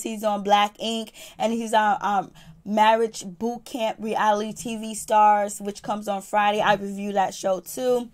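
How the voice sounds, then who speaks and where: A woman reviewing a reality TV episode in a profane, animated, casual storytelling style. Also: mid-range voice. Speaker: TV show reviewer.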